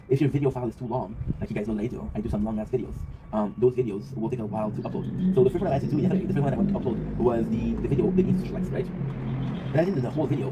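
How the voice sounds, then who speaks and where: Rapid-talking man, rambling vlog monologue. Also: medium pitch. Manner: rambling, reflective, swears freely, often tags "right?". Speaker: vlog host. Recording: noisy ambient background.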